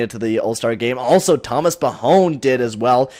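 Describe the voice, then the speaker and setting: A man's voice: mid-range voice, expressive, moderate pace, a little mellow. A young man giving rambling casual commentary over a sports video game, swearing often and breaking into hyped bursts. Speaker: gaming channel host.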